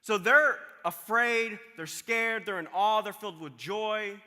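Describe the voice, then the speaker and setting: A man preaching a sermon, reading scripture and retelling it in a casual, animated way, acting out the people in the story. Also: sits high, measured pace, big-room sound. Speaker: pastor.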